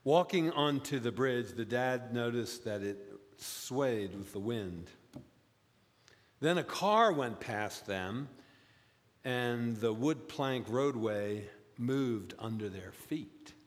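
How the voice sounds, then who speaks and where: Slow-preaching pastor in a reverberant hall. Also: male voice. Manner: storytelling, animated, rising high for emphasis. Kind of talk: sermon. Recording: long reverb, as in a church.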